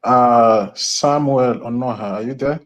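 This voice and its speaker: A man moderating a group audio call, speaking haltingly with lots of fillers. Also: medium pitch.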